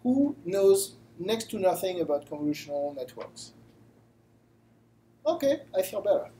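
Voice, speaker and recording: A man's voice: high-pitched, big pitch swings, a little slow, dark tone, slight background noise, rough recording. A man with a French accent giving a live lecture to a study group, self-deprecating and explaining with simple examples. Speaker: guest lecturer. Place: room with a live audience.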